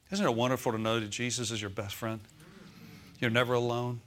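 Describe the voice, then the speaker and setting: A man's voice: medium pitch, little pitch movement, fairly quick, fairly bright tone, a little hiss or hum. A male pastor preaching a Sunday sermon in a church, often calling out "Amen?" and "Okay?" to the congregation.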